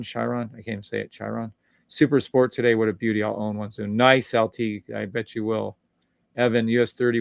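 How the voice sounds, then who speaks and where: A man hosts a live trading stream, walking viewers through charts in a casual, upbeat, salesy way and reading out viewer comments. He hums and scats little tunes as he scrolls. His voice is medium-pitched and gravelly, with no echo.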